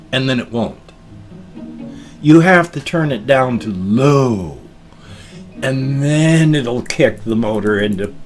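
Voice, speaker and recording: A tired man in his fifties rambling through a casual vlog, explaining things at length with restarts. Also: medium pitch. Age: 50s. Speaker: vlogger.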